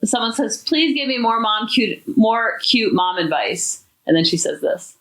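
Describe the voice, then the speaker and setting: A woman's voice: on the high side, animated, a little slow, fairly bright tone. A woman hosting a parenting podcast, talking in an emphatic, enthusiastic way. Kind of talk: podcast talk.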